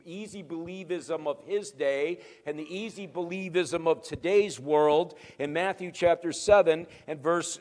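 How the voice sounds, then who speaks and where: A male pastor giving an emphatic sermon, swinging between quiet and loud and answering his own rhetorical questions. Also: on the high side, big-room sound.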